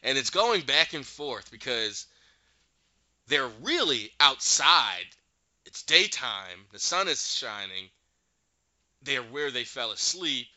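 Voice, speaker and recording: A man's voice: mid-range voice, big pitch swings, slow, pauses often, bright, forceful tone, no echo, lo-fi sound. A man casually recapping a show, animatedly retelling scenes and acting out the characters' lines. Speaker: podcast host recapping a show.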